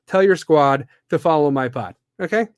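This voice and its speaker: A man's voice: fairly high pitch, animated, normal speed, smooth, dry recording, studio quality. A man from the Midwestern US hosting a live podcast, ranting bluntly and with plenty of profanity. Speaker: podcast host.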